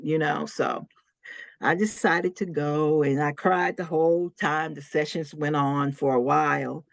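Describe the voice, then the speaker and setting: A woman's voice: low voice, steady tone, a little slow, gravelly, no echo. Woman on a faith podcast telling her own story, emotional, plays out the quotes, dry close sound. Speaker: interview guest. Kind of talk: personal testimony in a faith podcast interview.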